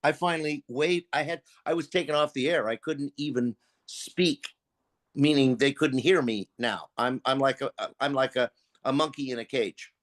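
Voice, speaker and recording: An older male voice actor spins a casual story with plenty of profanity. He talks animatedly at a middle pitch and slips into the voices of the people he describes. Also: moderate pace. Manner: profane, animated, acts out quotes. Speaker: guest, voice actor.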